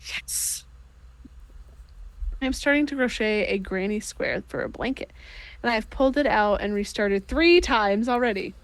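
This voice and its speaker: A woman's voice: medium pitch, animated, unhurried, long pauses, smooth, no room sound. A woman with a Midwestern accent chatting casually as a co-host while she crafts, swearing freely. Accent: Midwestern American.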